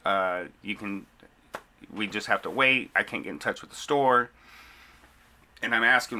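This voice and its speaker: A man with a lowish, bright, forceful voice talks straight to camera in a casual vlog. He recounts conversations with a mounting, frustrated edge, quoting what each person said. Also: moderate pace, pauses often. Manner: frustrated, retelling conversations with quoted exchanges. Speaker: delivery driver venting to camera. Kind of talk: casual venting monologue.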